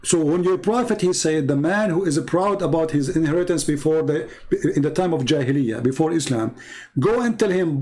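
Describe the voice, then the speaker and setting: A man's voice: on the high side, normal speed, warm tone, rough recording. A man hosting a live-stream debate, reading out viewer comments and answering them in mocking, confrontational non-native English, firing rhetorical questions.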